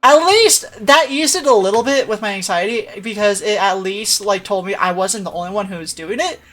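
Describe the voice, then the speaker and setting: A woman's voice: mid-range voice, a little fast, fairly bright tone, soft background music. A woman livestreamer telling a story in casual chat, laughing often and acting out the voices of the people she quotes.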